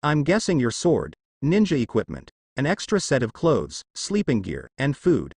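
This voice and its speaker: A male fox spirit with a dry, knowing air hands out plain advice, as a man reads him out. His voice moves around in pitch, recorded close and dry with no room around it. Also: wildly swooping pitch, normal speed, a little mellow, slightly rough, no echo, full character voice. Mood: dry, helpful.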